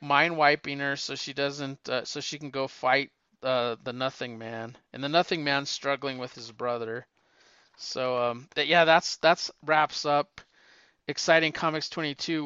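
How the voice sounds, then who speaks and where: A man's voice: medium pitch, bright, forceful tone, clear, resonant tone, dry recording, lo-fi sound. A man co-hosting a podcast, chatting casually about comics, rambling with restarts and laughs. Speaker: podcast co-host.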